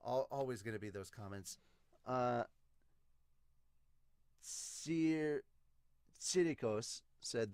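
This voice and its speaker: A man's voice: mid-range voice, lively intonation, very slow, pauses often, no room sound, studio quality. Casual, laid-back male podcast host. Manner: casual, swears, laughs easily, reads comments aloud. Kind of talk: casual comment-reading review.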